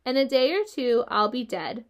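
Woman as a gentle wise spider. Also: high-pitched, moderate pace. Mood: weary. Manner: gentle, steady, reassuring. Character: wise, gentle female spider, calm and weary.

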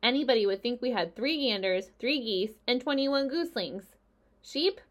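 A woman voicing a calm, clever female spider who leads a meeting, speaking in a crisp, dry and slightly stern way. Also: on the high side, moderate pace, pitched above the performer's own voice, natural voice. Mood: brisk.

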